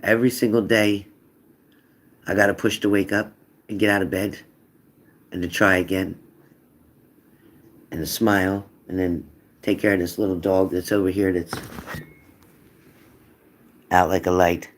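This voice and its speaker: A man's voice: sits low, steady tone, a little slow, long pauses. A man hosting a tarot live stream in a casual, chatty way, reading out viewer comments and answering them earnestly.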